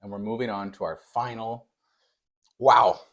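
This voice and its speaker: Playful man judging bakery treats. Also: unhurried. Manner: playful mock-serious judging, with frequent fillers and lively pitch swings. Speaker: taste-test judge. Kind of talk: casual on-camera food review.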